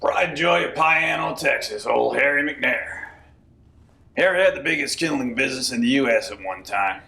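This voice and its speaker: A man spinning folksy, deadpan tall tales in a comic interview. His voice has a gravelly texture with a sharp, bright edge. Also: medium pitch, moderate pace. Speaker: comic storyteller.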